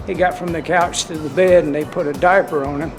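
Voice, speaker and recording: A man with a Southern US accent and a fairly high, steady voice vlogs outdoors in cold wind, filming himself on a handheld camera with background music under his voice. Speaking fairly quickly, he tells a personal story and shares his spiritual views in an earnest, folksy, rambling way.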